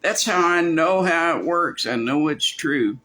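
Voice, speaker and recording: A pastor with a slightly high, bright, forceful voice and lively intonation preaches an unhurried, verse-by-verse expository sermon. His style is folksy, he acts out quoted voices, and he restarts often.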